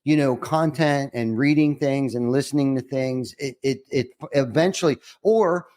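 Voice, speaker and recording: A man's voice: medium pitch, normal speed, darkish tone. A middle-aged man hosting a podcast, talking earnestly and reflectively with lots of restarts before asking his next question. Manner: rambling, earnest, many restarts. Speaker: podcast host. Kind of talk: reflective interview conversation.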